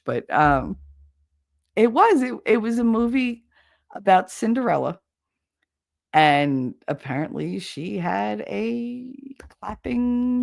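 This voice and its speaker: A woman's voice: medium pitch, creaky. A woman in her forties hosting a livestream, telling crude stories candidly and laughing often. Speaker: livestream host. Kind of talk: casual chat with viewers.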